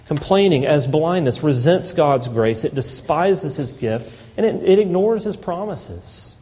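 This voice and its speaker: A man's voice: on the high side, mellow. A man giving an impassioned sermon as a pastor, now and then mimicking whiny complainers. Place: church sanctuary. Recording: long hall reverb.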